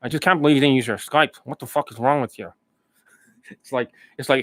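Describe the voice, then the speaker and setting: A man of medium pitch holds forth as a dating coach in a loose, casual monologue. He swears freely and mocks his students, slipping into higher voices to imitate them. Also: brisk. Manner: profane, mocking, acts out students in raised voices.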